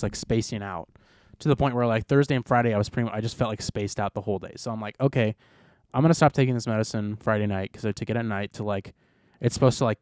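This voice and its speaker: A man's voice: fairly low pitch, a little mellow, no echo, clean studio sound. A young man hosting a podcast, telling a long story in a rambling, laid-back way with lots of fillers. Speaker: podcast host. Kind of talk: casual chat.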